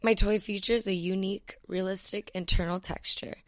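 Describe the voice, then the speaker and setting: A woman playing a cheery sales-pitch starlet. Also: steady tone, moderate pace, dry recording, lightly acted. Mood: salesy. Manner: bright salesy delivery. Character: cheery female adult star pitching a product. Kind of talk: comedy ad sketch.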